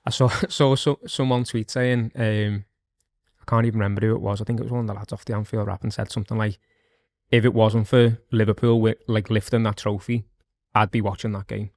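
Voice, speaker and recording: A man co-hosts a football podcast in a measured, matter-of-fact way, with a lowish voice that barely rises or falls. The sound is dry and close, with no room echo. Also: little pitch movement, darkish tone. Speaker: podcast co-host. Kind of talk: casual football chat.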